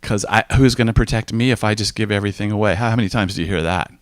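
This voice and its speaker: A man's voice: on the low side, rapid-fire, dry recording. A man giving an informal teaching talk, telling stories and acting out the voices of people he quotes. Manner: conversational, storytelling, acts out quoted voices.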